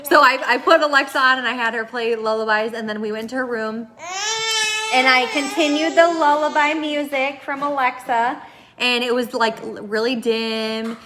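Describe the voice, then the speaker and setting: A woman's voice: fairly high pitch, normal speed. A young woman chatting casually in a vlog, rambling with many restarts and fillers as she talks about her baby's bedtime. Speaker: mom vlogger.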